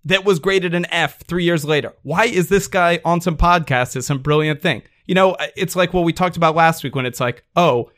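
A man with a fairly high voice holds forth on a sports podcast, heated and sarcastic, swearing freely as he rants. He talks in loose, conversational bursts. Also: a little fast, hardly any pauses, fairly bright tone. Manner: heated, profane, sarcastic ranting. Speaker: podcast co-host. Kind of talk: ranting sports podcast chat.

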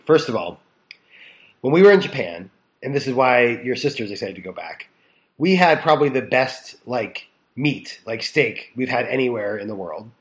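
A man chats casually as a podcast co-host, upbeat and easygoing. His voice sits at an ordinary middle pitch. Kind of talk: casual chat.

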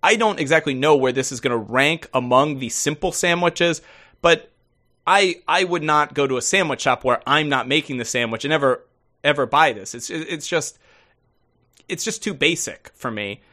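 Male co-host, bright voice, slightly high, rambling casual chat with stop-start phrasing. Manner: rambling, halting restarts. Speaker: podcast co-host.

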